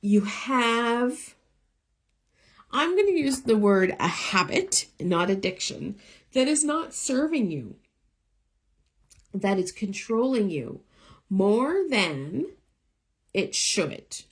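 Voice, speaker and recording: Middle-aged woman, tarot reader on a live stream, animated voice that swings up and down, chatty and reassuring. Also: mid-range voice, slow, long pauses. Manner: chatty, encouraging, talks straight to viewers. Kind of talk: live one-card tarot readings.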